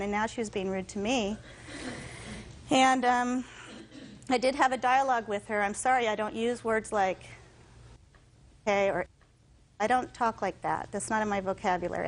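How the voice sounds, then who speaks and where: A woman testifying in court, telling her story in an animated way and acting out what others said. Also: medium pitch, rough recording. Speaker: litigant in court.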